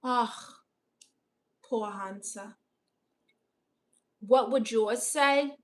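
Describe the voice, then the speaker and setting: A young woman from Brooklyn reading out her chat on a casual livestream, dry, deadpan and sarcastic. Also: on the high side, very slow. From Brooklyn, New York. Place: home in Los Angeles.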